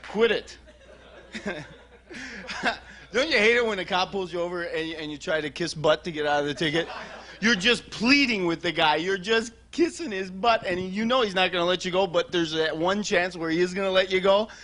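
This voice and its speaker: A man doing a stand-up comedy routine on a TV studio stage, talking in a rapid, goofy way and chatting with the crowd. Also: high-pitched, fairly bright tone. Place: TV studio stage with live audience.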